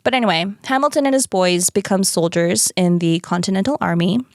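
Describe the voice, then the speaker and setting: A woman's voice: fairly low pitch, a little fast, dry recording, studio quality. A woman co-hosting a podcast, casually recapping a story with lots of swearing and playful asides. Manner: animated, swears freely, acts out characters. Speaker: podcast co-host. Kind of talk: casual chat recapping a musical.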